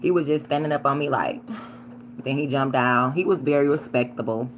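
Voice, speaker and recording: A woman casually telling a story while she eats on camera, animated and swearing freely, sometimes shrieking the words she yelled. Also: rumbling low, brisk, dull audio, a little hiss or hum. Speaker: vlogger.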